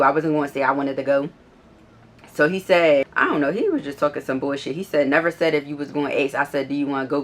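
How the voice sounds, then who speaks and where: A woman's voice: low voice, a bit bright. Blunt, profane woman telling a storytime. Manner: blunt, profane, retells text messages back and forth; exasperated, incredulous storytelling. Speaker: vlogger. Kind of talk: casual storytime vlog.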